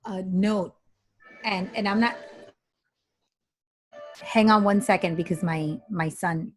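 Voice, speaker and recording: A woman's voice: medium pitch, slow, soft background music. A woman hosting a casual interview over a video call, chatty and laughing, her sentences full of restarts. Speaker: interview host.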